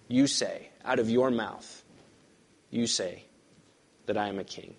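A male pastor preaching a sermon and reading scripture aloud, pressing hard on key words and then dropping to hushed, quiet lines. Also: mid-range voice, big pitch swings, unhurried, long pauses. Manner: emphatic, swings from loud stresses to hushed lines.

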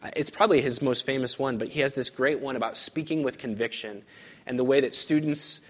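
A male pastor preaching a sermon and reading scripture aloud, pressing hard on key words and then dropping to hushed, quiet lines. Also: medium pitch, a little fast. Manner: emphatic, swings from loud stresses to hushed lines.

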